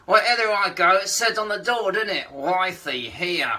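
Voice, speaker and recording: A man voicing a cheeky, grumbling married male puppet in a ventriloquist comedy act, delivering deadpan one-liners about his wife. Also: high-pitched, normal speed, full character voice.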